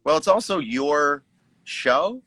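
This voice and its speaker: A man's voice: a little high, lively intonation, slow pace, pushed and bright, no room sound. A man, a musician guest, chatting casually on a live stream and musing aloud, acting out his own inner remarks. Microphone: video call.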